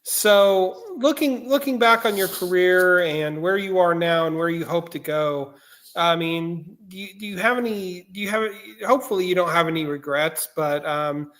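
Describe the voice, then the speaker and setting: A man hosting a comics podcast, asking relaxed, rambling questions in a casual interview over a remote stream call. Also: sits high, moderate pace. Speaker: podcast host.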